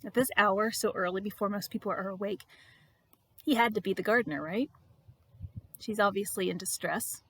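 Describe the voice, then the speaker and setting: A woman's voice: mid-range voice, normal speed, long pauses, no room sound. Woman reading a devotional, dry close sound. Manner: expressive, with emphatic repetition. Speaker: vlogger reading her devotional blog.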